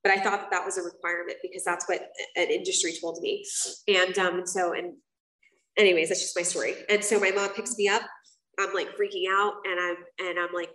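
A woman speaks candidly to a meeting room, telling her own story in a loose, casual way with plenty of "um" and "like." Her voice sits fairly low and the mic catches her from some distance, so it sounds roomy and echoey. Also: flat delivery, fast, fairly bright tone. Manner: casual and candid, frequent fillers and swearing. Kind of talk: personal testimony to a live group.

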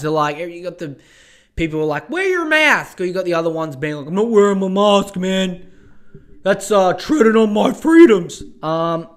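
Profane ranting man. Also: a little high. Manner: profane, exasperated, rambling with many fillers. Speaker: podcast host. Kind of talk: casual rant.

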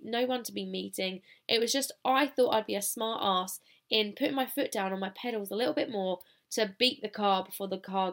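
A woman's voice: mid-range voice, a bit bright. British woman telling a story, chatty. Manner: chatty, self-deprecating, informal wording. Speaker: podcast host. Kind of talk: casual solo storytelling.

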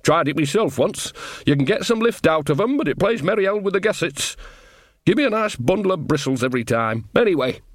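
A man's voice: a little high, expressive, brisk, no echo, pitched above the performer's own voice. Old witch woman, earthy and bawdy, blunt rustic talk; male narrator voices her. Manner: blunt, cheeky, rustic grammar.

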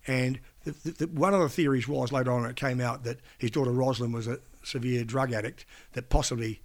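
An older man spins anecdotes from his years as a broadcaster, his voice carrying a gravelly rasp at mid pitch. He wanders through his stories and restarts sentences often, sometimes slipping into voices of the people he quotes. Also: fairly even intonation, brisk. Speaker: veteran broadcaster and interview guest. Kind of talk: casual anecdotal storytelling.

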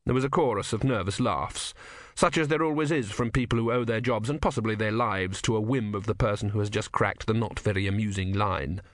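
A man narrating an audiobook with expressive storytelling. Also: on the low side, brisk, no echo, studio quality. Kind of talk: scripted narration.

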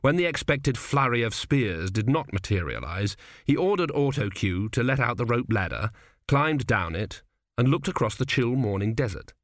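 A man reading an audiobook aloud in a measured, wry storytelling manner. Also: mid-range voice, sing-song, no echo, clean studio sound. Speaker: audiobook narrator. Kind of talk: scripted narration.

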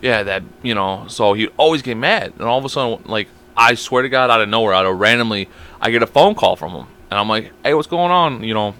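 A man's voice: lowish voice, lively intonation, brisk, sharp tone. A young man co-hosting a casual podcast, telling rambling stories full of swearing and acted-out quotes. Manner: swearing storyteller, quotes people in raised voices. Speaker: podcast co-host. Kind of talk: casual chat.

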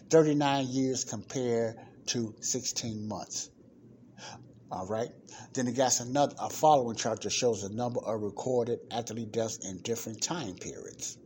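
A man's voice: mid-range voice, warm tone, slight background noise. Emphatic man reading figures aloud. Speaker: podcast host. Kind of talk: casual commentary, reading an article aloud.

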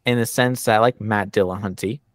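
A man hosting a podcast, chatting casually, animated and laughing as he acts out what others said. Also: fairly low pitch, a little fast, dry recording, clean studio sound. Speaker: podcast host. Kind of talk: casual conversation.

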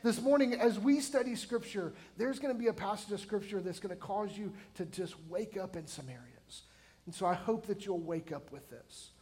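Pastor in his forties, light high voice, conversational sermon with emphatic bursts and questions to the room. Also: expressive, normal speed, a little mellow. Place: church sanctuary.

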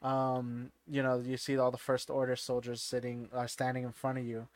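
A man's voice: medium pitch, completely flat delivery, moderate pace, no echo. Rambling man in casual podcast chat. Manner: rambling, many fillers and restarts. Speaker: podcast co-host.

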